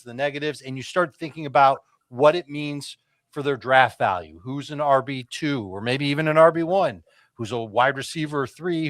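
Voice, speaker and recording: A man analyst talks earnestly on a sports show, laying out his points one after another. His voice sits at a middle pitch. The sound is close and dry. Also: a bit bright, no room sound. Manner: earnest, explanatory. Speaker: co-host, analyst. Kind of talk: studio sports talk show.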